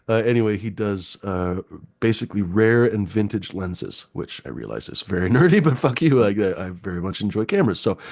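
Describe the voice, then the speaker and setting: A man with a fairly low voice hosts a casual live-stream chat. He rambles, restarts, and swears freely. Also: darkish tone. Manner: rambling, profane, easygoing. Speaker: host.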